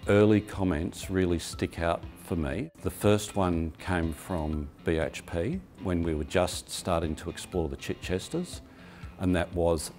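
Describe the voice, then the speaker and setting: A man recalling early stories in a measured interview. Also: deep voice, a little mellow, faint music behind. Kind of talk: recollecting interview.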